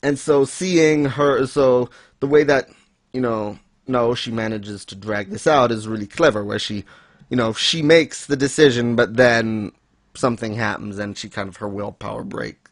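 A man co-hosting a casual chat, laughing often and acting out characters in high voices. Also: moderate pace, no room sound. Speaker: podcast co-host discussing manga.

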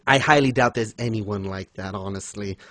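A man casually chatting as co-host, animated and quick to laugh, acting out lines he retells. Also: lowish voice. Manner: animated, laughs often, acts out quotes. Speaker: podcast co-host. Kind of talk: casual fan discussion.

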